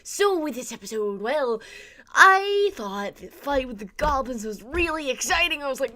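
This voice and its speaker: A young woman hosting a casual anime review video, bubbly and excitable, giggling and acting out her own reactions as she talks. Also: high-pitched, a little fast. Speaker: anime reviewer, channel host.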